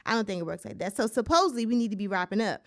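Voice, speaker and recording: A woman's voice: medium pitch, lively intonation, very fast, very noisy. A woman hosting a solo podcast, ranting in casual commentary with incredulous, profane outbursts and speech. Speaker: podcast host.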